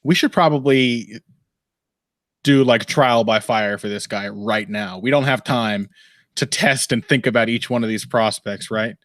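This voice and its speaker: A man's voice: medium pitch, measured pace, a bit bright, no echo. A man hosting a casual live fight commentary stream, rambling and wry, swearing freely and laughing often. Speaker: podcast host. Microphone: headphones and desk mic.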